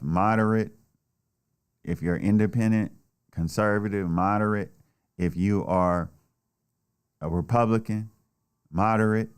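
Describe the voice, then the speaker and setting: Very deep-voiced ranting man. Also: clean tone. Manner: blunt, heated, swears often. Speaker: political commentator. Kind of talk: profane solo rant to camera.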